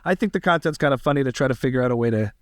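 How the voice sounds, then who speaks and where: Animated comedian guest, dry close sound. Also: male voice, medium pitch, very fast, dry recording. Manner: animated, slips into impressions, emphatic. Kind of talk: podcast interview.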